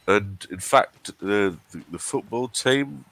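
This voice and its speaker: This is a man with a very low, deep voice. He chats casually on a live game stream, dry and teasing with his co-host, and he sounds stuffy from a runny nose. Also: slow pace, vocal fry, fairly bright tone. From Hartlepool, England. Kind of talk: casual chat.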